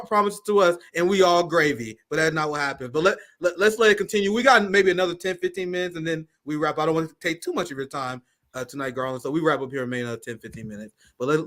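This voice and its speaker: A man's voice: on the high side, a bit bright. A man hosting a livestream, talking in casual slang and joking with his guest. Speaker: host.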